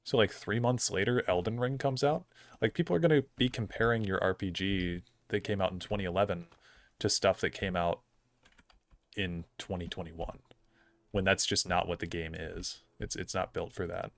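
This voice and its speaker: A man's voice: deep voice, steady tone, normal speed, gravelly, no room sound. A young man streaming a game, chatting casually in a rambling, opinionated way full of fillers. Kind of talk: casual gameplay commentary.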